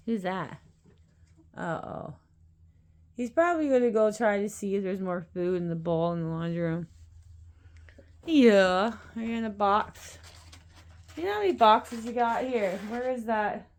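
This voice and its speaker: A woman's voice: mid-range voice, expressive, slow pace, pauses often. A woman at home chatting casually while filming her cats, laughing often and cooing at her pets. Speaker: pet vlogger. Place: at home, indoors.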